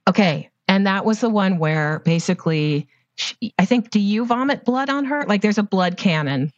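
A woman's voice: medium pitch, lively intonation, moderate pace, no echo, lo-fi sound. A woman costume designer chatting in a casual podcast interview, with lots of fillers and "right?" tags.

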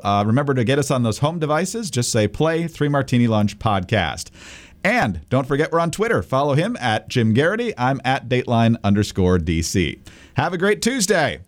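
Man, podcast co-host, wry and dismissive, lively intonation. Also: medium pitch. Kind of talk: political commentary chat.

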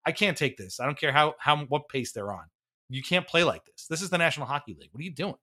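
Animated, exasperated podcast host. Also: male voice, a little high, quick pace. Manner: exasperated ranting, swearing, laughing. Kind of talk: casual sports talk.

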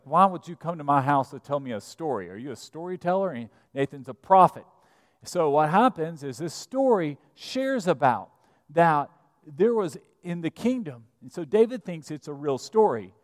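Male pastor, storytelling sermon, a bit high-pitched, church reverb. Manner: storytelling, animated retelling of scripture. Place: church sanctuary. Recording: church sanctuary with long reverb.

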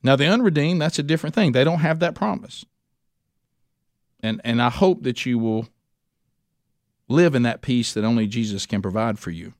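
A man's voice: medium pitch, expressive, moderate pace, long pauses, no echo. Guy preaching, casual and folksy, keeps restarting and tossing in asides, dry close sound. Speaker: pastor. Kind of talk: sermon.

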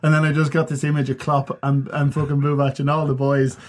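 Fast-talking man telling stories. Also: fairly high pitch, flat delivery. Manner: swearing, rambling storyteller. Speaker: podcast co-host. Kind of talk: casual banter.

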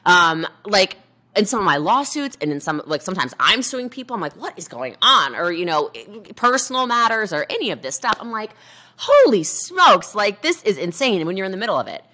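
A woman's voice: mid-range voice, sing-song, brisk, pushed and bright. A woman talking with energy on a motivational chat show, emphatic and acting out quoted voices as she goes. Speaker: guest entrepreneur. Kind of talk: motivational conversation.

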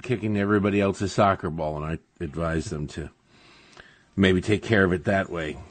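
A man's voice: sits low, moderate pace, no room sound. A man who is a regular guest on a talk radio show, telling wry, exasperated stories in casual chat. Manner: wry storyteller, dry and exasperated.

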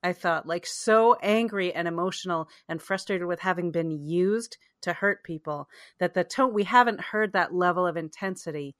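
A woman on a podcast, speaking in an animated way and acting out lines as she describes a scene. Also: fairly low pitch, moderate pace, few pauses, no room sound, studio quality. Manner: animated, acts out quotes. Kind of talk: casual discussion.

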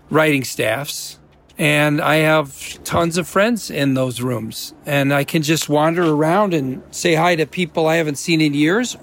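A man's voice: a little high, creaky, a little hiss or hum. A man from the American Midwest, an actor guest in a casual interview, rambling and restarting his sentences with amusement.

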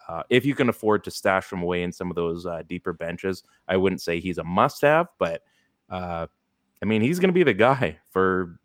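Low-voiced rambling podcast host, man. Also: dry recording, clean studio sound. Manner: rambling with many fillers. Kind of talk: casual fantasy sports chat.

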